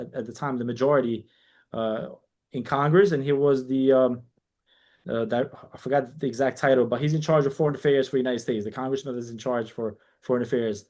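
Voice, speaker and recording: A man who grew up in New York, a guest on a casual podcast interview, telling long stories and quoting people in dialogue. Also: mid-range voice. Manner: animated storyteller, quotes people in dialogue, frequent restarts. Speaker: guest, community organization founder.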